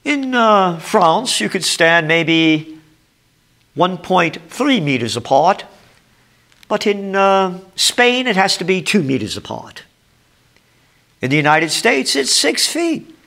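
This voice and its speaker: An older man with a thick New York accent delivers a ranting commentary, sarcastic and emphatic. His voice sits a bit high and sounds bright and forceful, hammering each point home. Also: big pitch swings, takes it slowly, vocal fry, pauses often. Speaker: trend forecaster.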